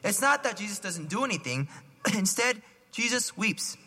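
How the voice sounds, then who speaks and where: A man giving a conversational homily, often asking his listeners questions and clearing his throat. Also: sits high, very animated, normal speed, pushed and bright. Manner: chatty, asks the listeners questions, frequent "right?". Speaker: preacher. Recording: long hall reverb.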